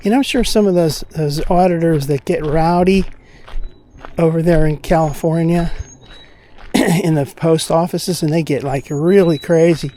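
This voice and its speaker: A man's voice: a little high, fairly even intonation, measured pace, mellow. A man from Pennsylvania talking casually and ramblingly during an outdoor walking vlog, sharing his opinions. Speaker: vlogger.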